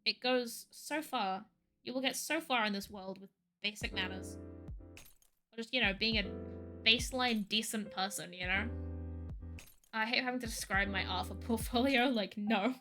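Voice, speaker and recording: This woman's voice is fairly high, bright and forceful, at a normal speed as she streams from home. She chats casually in a rambling, ranty manner, saying "like" heavily. There's faint music behind her.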